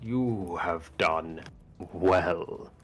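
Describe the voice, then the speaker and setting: A man's voice: deep voice, full character voice. A man voicing a grave goatman chieftain. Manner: slow, grave, half-whispered speech. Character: stern male goatman clan leader, solemn and weary.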